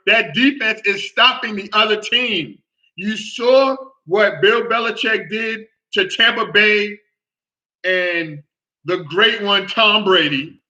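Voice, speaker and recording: A man hosting a casual sports talk show, with a high, very bright voice. He talks in an animated way, repeats himself and keeps checking in with the listener. The recording sounds dull and lo-fi.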